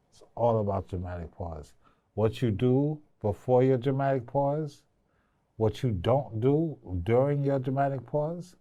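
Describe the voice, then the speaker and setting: A man's voice: lowish voice, mellow, no echo. Playful male acting coach, dry sound. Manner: playful, teasing, breaks into singing. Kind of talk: casual coaching interview.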